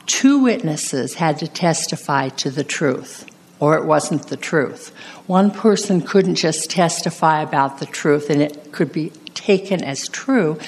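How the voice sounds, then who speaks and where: A woman preaching from the pulpit in a notably low voice. She speaks slowly and earnestly, letting each phrase settle as she shares her own story. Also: darkish tone. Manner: slow, earnest personal testimony. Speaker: pastor. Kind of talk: sermon.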